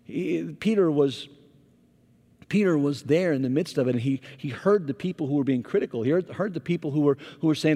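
A man, a pastor, preaching a sermon as an animated storyteller whose volume rises and falls. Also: a little high, fairly quick. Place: church sanctuary. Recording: long reverb of a large hall.

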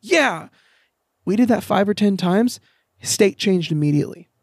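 A man chatting candidly outdoors for a podcast, a bit higher than most men and recorded close and dry. He tells his story in a loose, swearing way, slipping into the voices of the people in it. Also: a little fast, mellow, dry recording. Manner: candid, swears freely, storytelling with quoted dialogue. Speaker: podcast guest. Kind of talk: casual conversation. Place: outdoors in a backyard.

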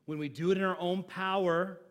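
A pastor preaching a sermon, moving from loud emphatic lines to low hushed phrases, chatting with and joking with his congregation. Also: fairly even intonation, fairly quick. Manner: conversational, asks the congregation questions and jokes with them.

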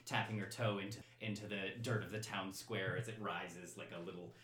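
A man narrating as game master, describing scenes in a halting, descriptive way with restarts. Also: low voice, steady tone, fairly bright tone, echoey room.

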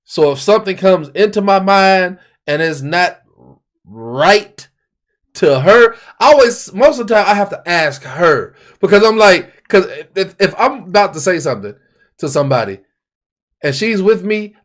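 Brief: male podcast co-host, blunt and direct, pitch jumps around a lot. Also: expressive, moderate pace. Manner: blunt, straight-talking. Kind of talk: casual chat.

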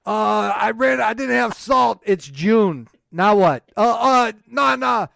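Guy playing a rattled old french dude, stammers and yells excuses, high and jumpy. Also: lively intonation, moderate pace, a little hiss or hum. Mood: flustered. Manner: loud, stammering, defensive excuses. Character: flustered old Frenchman with an object stuck in him.

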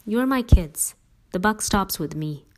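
A woman's voice: mid-range voice, animated, measured pace, natural voice. A woman voicing a tired, protective middle-aged father in a read-aloud story, speaking earnestly and firmly.

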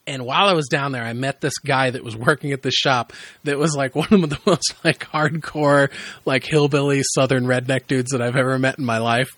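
A man's voice: medium pitch, steady tone, brisk, a bit bright, dry recording. A man chatting casually as a podcast guest, laid-back, cursing freely and laughing between stories. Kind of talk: casual chat.

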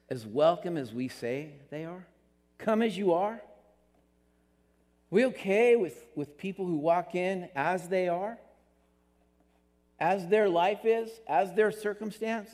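A man preaching a sermon as pastor, animated, climbing in pitch for emphasis and acting out what people say. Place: church sanctuary. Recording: long reverb of a sanctuary.

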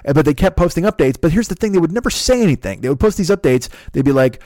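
Man from Chicago, podcast host, profane comedic rant, lively swooping pitch, dry close recording. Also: fast talker, few pauses, no room sound. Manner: profane, exasperated ranting. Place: his home.

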